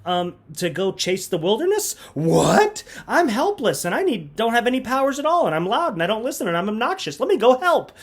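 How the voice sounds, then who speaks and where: A man voicing a loud, impulsive young princess who rushes ahead without listening. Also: very high-pitched, sing-song, voice pushed up, exaggerated voice. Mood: indignant. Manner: indignant, exaggerated, rapid.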